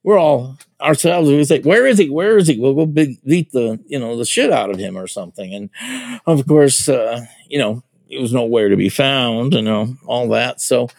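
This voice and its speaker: An older man recalls his military years in a loose, rambling way, full of restarts and fillers. His voice is gravelly, with some fry, and the recording sounds dry and close. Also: mid-range voice, normal speed, darkish tone, no echo. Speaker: veteran telling his life story. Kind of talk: casual spoken memoir.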